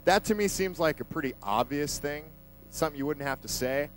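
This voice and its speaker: A man's voice: on the high side, a little fast, slight background noise, poor audio. A man preaching a sermon in a conversational, emphatic way, vividly retelling a scripture passage.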